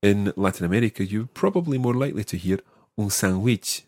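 A man hosting an audio language lesson, patiently explaining and slowing down to model each word. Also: fairly low pitch, big pitch swings, a little mellow, dry recording, studio quality. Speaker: language teacher, podcast host.

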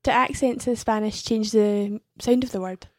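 A woman's voice: mid-range voice, fairly even intonation, normal speed, a little mellow, dry recording, clean studio sound. A woman taking part as the learner in a language lesson, answering briefly and repeating phrases carefully. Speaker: learner co-host.

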